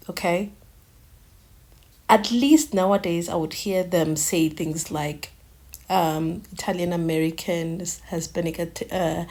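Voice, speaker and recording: A woman hosting a reaction video, soft-spoken and halting, with many fillers. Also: fairly low pitch. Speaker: host. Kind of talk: reaction commentary.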